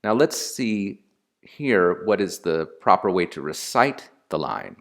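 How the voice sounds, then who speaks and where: A man giving an explanatory lecture, slow and deliberate with pauses and fillers. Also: deep voice, big pitch swings, creaky, a bit bright.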